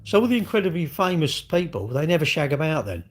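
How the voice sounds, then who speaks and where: A man's voice: a little high, very animated, fast talker. A middle-aged man, talking alone on his livestream in a blunt, sweary rant full of rhetorical questions. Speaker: livestream host. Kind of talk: casual ranting monologue.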